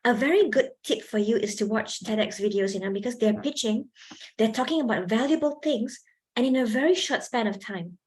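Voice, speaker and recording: A woman's voice: a little high, lively intonation, fairly quick, a little mellow. A young woman giving a chatty public speaking workshop to students, asking them questions and laughing often. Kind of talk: lively seminar talk to students.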